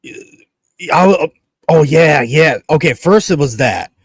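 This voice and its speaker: A man's voice: fairly high pitch, expressive, slow pace, slightly rough, dry recording. A man co-hosting a podcast in casual chat, rambling, swearing often and acting out what others said. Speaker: podcast co-host.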